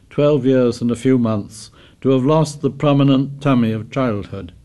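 Male audiobook narrator, mid-pitched, measured and even in his reading. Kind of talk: scripted narration.

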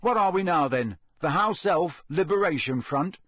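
A man's voice: fairly high pitch, animated, normal speed, a bit bright, no room sound, studio quality, voice pushed up. A man reading a storybook aloud and voicing a cheeky teenage schoolboy in a teasing, sulky way. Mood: grumpy.

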